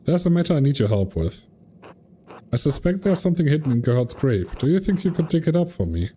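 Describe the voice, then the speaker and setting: A man's voice: fairly high pitch, sing-song, fairly quick, warm tone, husky, voice pushed up. A man voicing an earnest, polite male scholar who is determined to find the truth.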